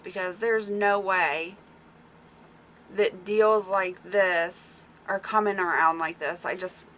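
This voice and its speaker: A woman chats on a farm livestream in a bright, clear voice at a middling pitch. She is excitable and talkative and reads comments from her viewers aloud as she goes. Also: a little hiss or hum. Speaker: small-farm livestream host. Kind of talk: casual livestream chat with viewers.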